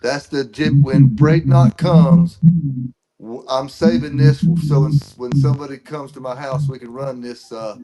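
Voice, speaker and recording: A man's voice: medium pitch, fairly even intonation, measured pace, crowd noise, rough recording. A man hosting a casual live-stream chat, rambling and correcting himself as he goes. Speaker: host.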